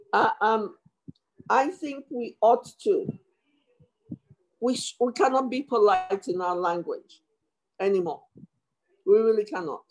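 A woman's voice: mid-range voice, measured pace, pauses often, rough recording. A woman commissioner speaking at a formal hearing over a video call, impassioned and emotional, with many restarts.

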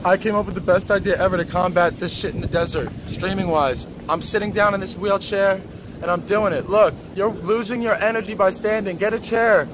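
A young man streams live from a city street outdoors, crude and brash as he mocks passersby amid heavy traffic and street noise. He speaks fairly quickly in a high, steady voice.

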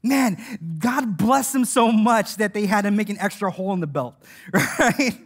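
A man preaching a sermon in an animated, joking way, laughing as he tells the stories and acting out the voices he quotes. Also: high-pitched, unhurried.

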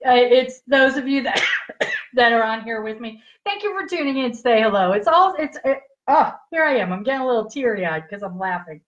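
High-voiced chatty woman livestreaming. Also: animated, a little fast. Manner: chatty, giggly, checks in with viewers constantly. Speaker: livestream host demonstrating skincare patches. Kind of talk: casual live product demo. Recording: dull lo-fi livestream audio.

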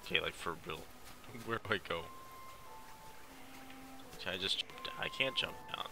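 A man's voice: low voice, normal speed, long pauses, pushed and bright. A young Irish man commentating his video game playthrough, joking and mocking himself while reading the dialogue aloud. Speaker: gaming video host. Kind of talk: let's play commentary.

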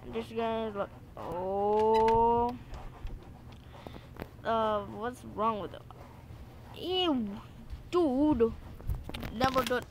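A woman's voice: a little high, takes it slowly, pauses often, slight background noise. A woman commentating her game play in a playful way, repeating lines and yelping out now and then. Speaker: gaming channel host.

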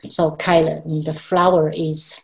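Halting woman explaining language on a call. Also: low-pitched, flat delivery, vocal fry. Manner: halting, many restarts, laughs at herself. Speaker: Chinese language teacher. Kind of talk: explanatory video call chat.

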